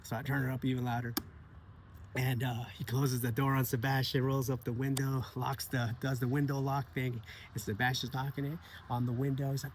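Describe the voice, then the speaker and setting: A man's voice: medium pitch, brisk. Man, mid-range voice, heartfelt casual storyteller, faint hum behind. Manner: earnest, animated, repeats phrases and laughs often. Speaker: vlogger sharing personal stories.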